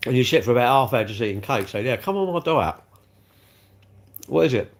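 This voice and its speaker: Speaking briskly and animatedly at medium pitch, a livestream host eats cake during a casual chat. He wanders from topic to topic and chuckles a lot.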